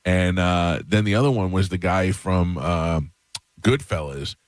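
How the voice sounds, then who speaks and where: A radio host telling a long story in a casual way and acting out the voices of the people in it. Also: male voice, low-pitched, a little slow. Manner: animated, acts out quoted voices. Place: radio studio.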